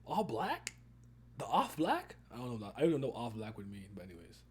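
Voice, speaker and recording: Animated young man hosting a chat. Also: mid-range voice, brisk, slightly rough. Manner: animated, laughing, swearing slang. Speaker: podcast host. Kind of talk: casual movie review chat.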